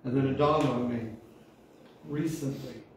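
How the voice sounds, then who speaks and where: A man's voice: medium pitch, steady tone, measured pace. A man in his sixties, a pastor, giving an emotional testimony sermon with fervent call-and-response. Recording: echoey hall from far off, faint noise.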